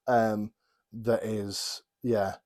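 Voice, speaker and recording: A man's voice: fairly low pitch, flat delivery, extremely slow, a little mellow. A man co-hosting a casual Bible study podcast, rambling and restarting his sentences, often breaking off to add apologetic asides. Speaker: podcast co-host.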